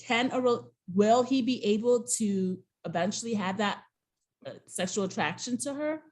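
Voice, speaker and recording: A woman co-hosting a casual recap show, telling the story with lively, acted-out dialogue. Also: a little high, moderate pace. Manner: animated storyteller, acts out quoted dialogue.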